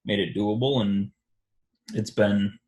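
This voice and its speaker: A man hosting a reflective religious discussion, speaking haltingly with many restarts and fillers. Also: lowish voice, fairly even intonation, darkish tone. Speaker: discussion host. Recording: echoey room.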